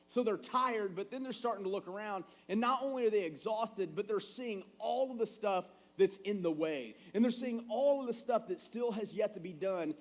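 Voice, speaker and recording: A man in his thirties preaching a sermon in a church, telling family stories in a conversational, animated way. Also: high-pitched. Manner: conversational, animated storytelling with acted quotes. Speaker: pastor. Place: church sanctuary.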